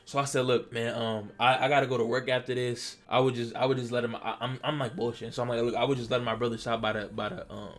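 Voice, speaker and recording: Fast-talking man telling a story. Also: medium pitch. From Delaware, US. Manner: animated, stammering, acts out his own past lines. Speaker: storytelling vlogger. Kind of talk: casual storytime.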